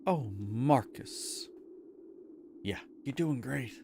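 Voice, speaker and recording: A man's voice: medium pitch, expressive, drawn-out words, creaky, background noise. A man streaming a game, chatting casually with laid-back, chuckling asides over game music.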